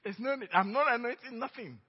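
Middle-aged Nigerian man preaching, husky, in a muffled, echoing church recording. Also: very high voice, fairly quick. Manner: emphatic storytelling, swinging between loud and hushed. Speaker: pastor. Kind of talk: sermon. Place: church sanctuary. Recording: dull reverberant church recording.

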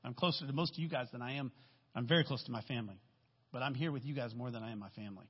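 Racing along in a mid-range voice with a breathy edge, a guest speaker gives a rambling, candid testimony sermon, regularly checking in with "right?". He's in a church sanctuary, captured in a dull recording with long hall reverb.

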